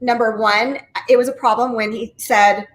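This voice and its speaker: A high-pitched woman tells her story with enthusiastic, high-energy drive. She is a real estate agent and an interview guest, chatting casually. Her voice bounces around a roomy, echoing space. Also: steady tone, moderate pace. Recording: roomy echo.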